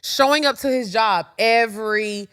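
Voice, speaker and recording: A young adult woman co-hosting a podcast in casual chat, animated, laughing often and swearing freely. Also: on the high side, measured pace, smooth. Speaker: podcast co-host.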